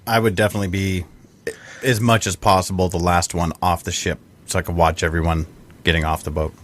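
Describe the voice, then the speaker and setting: A man describing his character's actions in a relaxed way while playing a tabletop game. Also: low voice, fairly quick, a little hiss or hum. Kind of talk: casual game chat.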